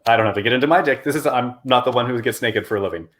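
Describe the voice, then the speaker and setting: A male interview host with a teasing, playful way of asking questions, who often breaks into laughter at his own jokes. His voice sits at an ordinary mid pitch. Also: very fast, a bit bright. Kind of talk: casual interview chat.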